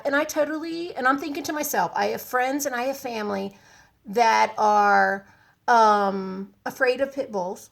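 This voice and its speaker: A woman talks straight to her phone camera in a loose, chatty vlog style. Her voice sits fairly high, and she rambles through an animated story with plenty of asides. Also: unhurried, vocal fry. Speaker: vlogger.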